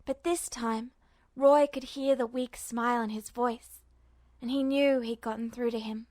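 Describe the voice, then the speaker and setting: A woman's voice: a little high, steady tone, a little slow, darkish tone, no room sound. Woman narrating a fanfic audiobook. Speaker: podfic reader.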